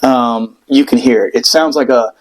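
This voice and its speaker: A man telling a personal story in casual podcast chat, animated and profane, acting out the people in it. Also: mid-range voice, moderate pace, poor audio. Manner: animated, profane, acts out voices in quotes.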